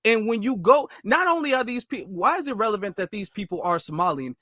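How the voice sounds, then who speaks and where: A man's voice: high-pitched, very animated, quick pace, sharp tone, no room sound, studio quality. A man hosting a commentary video, reacting to clips with emphatic rhetorical questions and a rambling delivery full of fillers. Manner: rambling, with many fillers and restarts. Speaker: commentary host.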